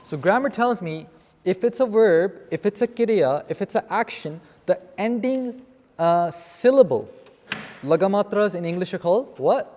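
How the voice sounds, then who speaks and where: A man's voice: high-pitched, animated, moderate pace, darkish tone. A man teaching a seminar on scripture vocabulary to a live class, explaining terms and often checking with "okay?". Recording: long reverb in a hall.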